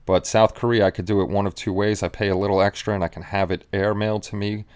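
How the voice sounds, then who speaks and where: A man's voice: lowish voice, little pitch movement, fast, a little mellow, clear, resonant tone. A man hosting a casual live stream, chatting loosely with many fillers and restarts. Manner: rambling, with frequent restarts and fillers.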